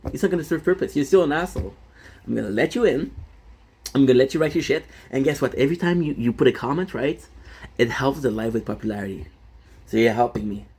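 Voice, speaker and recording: A young French-Canadian man, a native French speaker, rambles casually on a live stream and answers chat with plenty of fillers. His medium-pitched voice is lively, fast, a little mellow and slightly rough.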